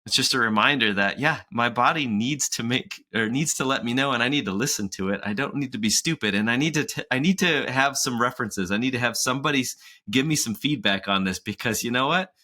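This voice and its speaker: Bright-voiced man in his forties. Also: mid-range voice, fairly quick. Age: 40s. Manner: chatty, laughs often, acts out quotes. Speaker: podcast co-host. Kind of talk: casual podcast chat.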